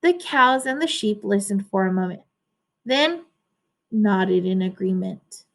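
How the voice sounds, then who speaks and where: Animated woman reading a picture book to children. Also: mid-range voice, unhurried. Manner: animated, explains words to children. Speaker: teacher reading aloud. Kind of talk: children's storybook read-aloud.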